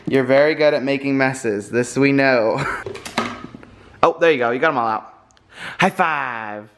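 A woman's voice: a bass voice, measured pace, a little hiss or hum. A woman hosting a family vlog, chatting playfully with her toddler and with viewers on video calls. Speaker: vlogger host. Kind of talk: casual chat.

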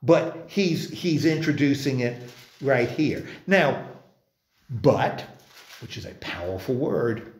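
A man's voice: medium pitch, lively intonation, takes it slowly, reverberant. Man teaching a church Bible class. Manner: conversational, many restarts, asks the group questions. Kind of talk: informal Bible study class. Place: church meeting room.

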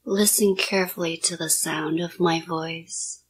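Woman hypnotist, whispered role-play: low, flat, breathy delivery of soft, repetitive commands. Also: measured pace, slight background noise.

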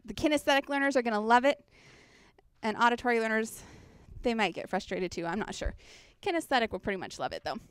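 This workshop presenter talks fast, her voice on the high side, expressive, clear and resonant, captured without echo. She's teaching a children's ministry session in a conference room, chatty and engaging, regularly checking in with the audience on a handheld mic.

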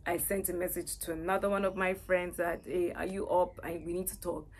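Earnest woman talking about her faith, kinda husky, lots of "you know". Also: fairly low pitch, little pitch movement, a little fast. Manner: earnest, repeats herself with many "you know"s. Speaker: vlogger sharing faith testimony. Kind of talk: personal testimony talk.

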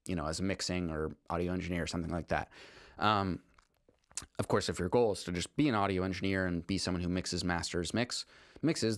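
A man with a fairly low voice talks through a music lesson in a loose, rambling way, circling back and restarting his sentences. He sounds enthusiastic about the subject. The sound is dry and close, with no room echo. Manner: rambling, with frequent restarts and fillers. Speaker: composer teaching on a video channel. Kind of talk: casual spoken lesson.

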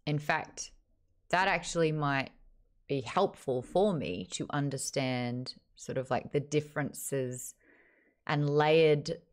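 A woman's voice: low voice, slow pace. A woman hosting a casual live-streamed book chat, playful and teasing, with a bit of swearing. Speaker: host.

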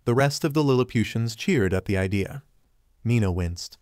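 A man narrating a fanfiction story in an even storybook reading manner. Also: medium pitch, normal speed, dry recording, studio quality.

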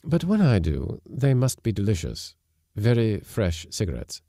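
A man reading aloud, voicing an earnest, self-assured gentleman who speaks intimately of the past. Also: on the low side, huge pitch swings, unhurried, dry recording, studio quality, heavily acted.

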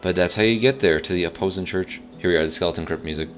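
Very low male voice, casual let's-play host, rambling and unsure, faint music underneath. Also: racing. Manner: rambling, unsure, thinks aloud. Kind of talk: casual gameplay commentary. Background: faint game music.

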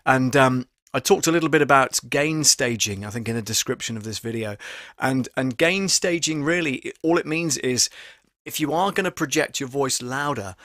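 A man talks in a chatty, animated way, like a voice actor teaching on his live stream. His voice sits at an ordinary middle pitch. It is recorded close on a studio mic in a dry booth. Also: brisk, no echo. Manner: chatty and animated, with many fillers. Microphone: studio microphone at close range.

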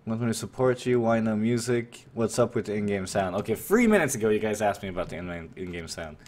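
A man's voice: fairly low pitch, expressive, quick pace, darkish tone. A young man streaming a game, casually talking through play, muttering to himself, swearing and flaring up in exasperation. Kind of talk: casual live gameplay commentary.

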